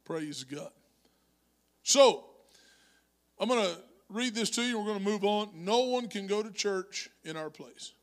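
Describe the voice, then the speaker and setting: A male pastor preaching a sermon in church, moving from conversational storytelling to shouted exhortation. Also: high-pitched, expressive, a little slow, pauses often. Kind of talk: Pentecostal-style preaching. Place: church sanctuary.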